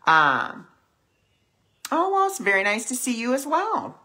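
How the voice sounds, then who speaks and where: Woman, spiritual teacher, livestream talk, conversational, bright tone. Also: sits high, huge pitch swings, measured pace. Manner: conversational, acts out voices in stories. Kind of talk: weekly spiritual discussion livestream.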